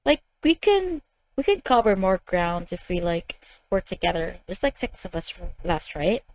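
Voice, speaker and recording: A young woman hosting a let's play reads every character's lines in a visual novel in her own lowish voice, with big pitch swings at a normal speed. She laughs and reacts as faint game music plays behind.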